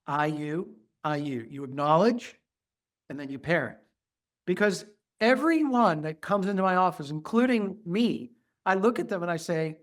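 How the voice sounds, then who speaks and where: A middle-aged man, a pediatrician guest, talking earnestly in an interview and softly acting out how he soothes children. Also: fairly high pitch, expressive, moderate pace. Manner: earnest, acts out soft soothing asides to children. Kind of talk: conversational interview.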